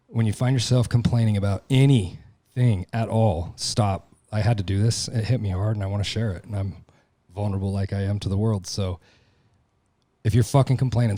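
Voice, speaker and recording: A man with a low, mellow voice gives a blunt, profane, confessional monologue as a podcast host. His voice sounds dry and close, with no room echo behind it. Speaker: podcast host and tattoo shop owner. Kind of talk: candid monologue.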